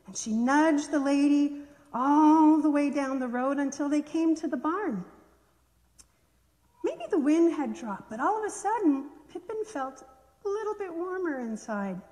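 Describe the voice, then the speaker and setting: A woman gently and expressively reading a children's story aloud in a church worship service. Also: sits high, lively intonation, a little slow, in a large hall.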